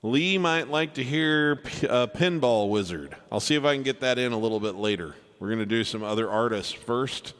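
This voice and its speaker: A man hosts a live piano stream with piano playing behind him, chatting casually with viewers and greeting them by name. His medium-pitched, slightly bright voice is expressive and runs at normal speed with hardly any pauses, carrying a long reverb tail.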